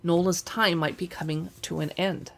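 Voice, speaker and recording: A woman's voice: on the low side, fairly even intonation, normal speed, creaky. A woman hosting a livestream, chatting enthusiastically about books and reading a novel aloud. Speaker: book channel host.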